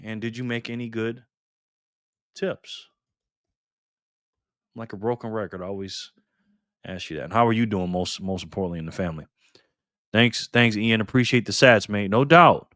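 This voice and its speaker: A man's voice: medium pitch, fairly bright tone, no echo, clean studio sound. Upbeat man greeting his live chat. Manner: upbeat, reads chat names aloud with quick thanks. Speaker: live stream host. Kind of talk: casual live-stream chat, greeting viewers.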